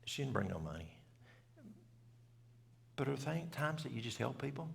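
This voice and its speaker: A middle-aged man tells a story in a plain, folksy country way. His voice is deeply gravelly, with a middling pitch. It rings out with the long reverb of a church hall. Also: big pitch swings, moderate pace. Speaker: health seminar speaker. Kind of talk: storytelling talk to a church audience.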